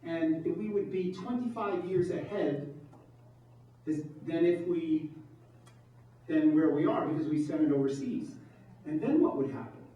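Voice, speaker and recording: A man's voice: a little high, animated, unhurried, pauses often, dark tone. Man speaking from afar in an echoey room. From New York. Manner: emphatic, asks rhetorical questions. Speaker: political candidate. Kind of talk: campaign speech with audience questions. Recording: distant mic, echoey room, dull sound.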